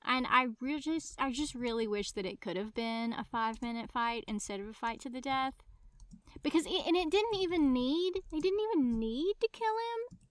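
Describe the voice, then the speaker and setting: A woman co-hosts a casual book discussion, her voice sitting a little higher than average. She chimes in with quick agreement and then talks her opinions through carefully. The sound is close and dry. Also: expressive, no room sound. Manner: eager agreement, thoughtful reasoning. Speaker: podcast co-host.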